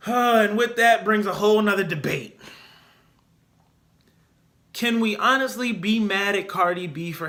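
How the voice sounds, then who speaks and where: Opinionated man with a bright voice. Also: a little high. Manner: opinionated, animated, repeats points for emphasis. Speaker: podcast host. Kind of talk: casual solo podcast commentary.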